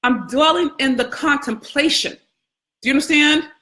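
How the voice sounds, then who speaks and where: A woman's voice: high voice, normal speed, bright, forceful tone. A woman hosting a casual scripture contemplation, talking conversationally with frequent questions, profanity and laughter. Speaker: host.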